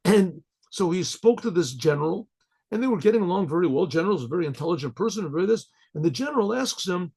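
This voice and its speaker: A rabbi teaching a class, telling a story with lively acted-out dialogue and frequent throat clearing. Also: male voice, high-pitched, fast.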